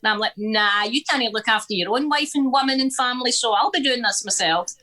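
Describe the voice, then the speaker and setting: A middle-aged woman with a Scottish accent, a guest telling stories in an interview in a blunt, sweary, animated way, acting out the people she quotes. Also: on the high side, fairly quick. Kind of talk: candid conversational storytelling.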